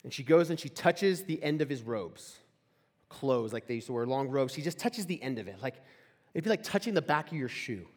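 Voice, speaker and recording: Speaking a bit fast with lively intonation, a young man with a mid-range voice gives a laid-back storytelling sermon as a campus ministry speaker. The setting is a large hall with a live audience, the sound is echoey, and his delivery is conversational, full of "like" fillers and questions aimed at the room.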